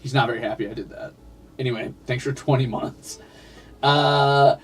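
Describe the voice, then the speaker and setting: A man's voice: mid-range voice, fairly even intonation, moderate pace, breathy edge, recorded from a distance. A man streaming a game, rambling casually and chatting with his viewers. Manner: rambling, chatty, talks to his cats and chat. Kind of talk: casual livestream chat while playing.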